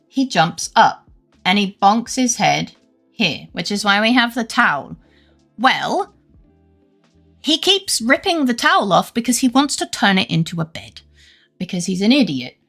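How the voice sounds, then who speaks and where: A woman's voice: fairly high pitch, big pitch swings, unhurried, a bit bright, faint music behind. A young British woman streaming live, rambling and chatting with her viewers through fillers and restarts, while she has a headache. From Britain. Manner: rambling, greets chat often, many fillers and restarts. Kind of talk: casual live-stream chat.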